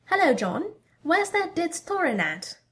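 A woman's voice: extremely high pitch, very animated, unhurried, voice pushed up, heavily acted. A woman voicing a cheerful, coy female villainess in a storybook reading. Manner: bright, playful and coy.

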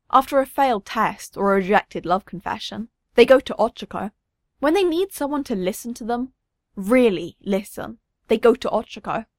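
Expressive woman reading a story. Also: mid-range voice, dry recording, studio quality. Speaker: narrator.

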